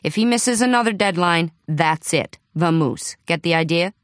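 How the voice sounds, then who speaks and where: A woman voicing a blunt, impatient American male boss on the phone, talking in a folksy, gruff way. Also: fairly high pitch, normal speed, fairly bright tone, no room sound, clean studio sound, lightly acted. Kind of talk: audiobook character voice.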